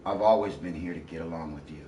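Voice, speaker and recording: Low-voiced man lecturing from across an echoey room. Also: quick pace. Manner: lecturing, repetitive, swearing, rising to shouts. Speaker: partner in a home argument. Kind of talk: heated domestic argument. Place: inside a house. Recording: echoey room, voice from far off, faint hiss.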